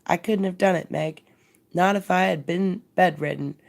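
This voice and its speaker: A woman reading the lines of a good-humored, effusive middle-aged woman who bursts in with warm wishes. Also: lowish voice, fairly even intonation, moderate pace, vocal fry. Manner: gushing, emphatic.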